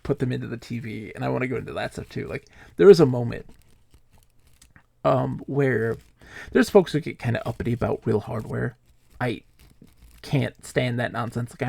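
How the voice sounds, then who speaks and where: A male streamer playing a text adventure live, reading the game text aloud and telling rambling, animated stories with lots of fillers. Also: mid-range voice, vocal fry, breathy edge, no room sound.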